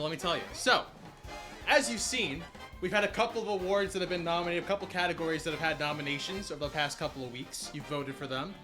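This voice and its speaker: Excited, breathless male streamer host. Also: high-pitched. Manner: excitable, rambling, self-deprecating. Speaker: streamer hosting an awards show. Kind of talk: casual live-stream hosting.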